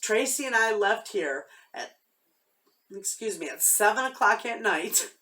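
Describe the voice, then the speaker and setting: A woman's voice: medium pitch, lively intonation, unhurried, pushed and bright, distant mic. A woman vlogging from her homestead, telling a story in a heartfelt, rambling way with many restarts. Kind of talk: casual chat to camera.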